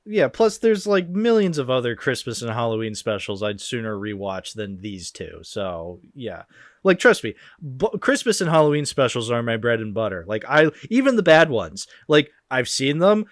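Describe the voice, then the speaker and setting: A man's voice: mid-range voice, big pitch swings, moderate pace, dry recording. Sardonic man, dry close sound. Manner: blunt, sardonic, profane. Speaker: podcast co-host discussing films. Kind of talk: casual chat.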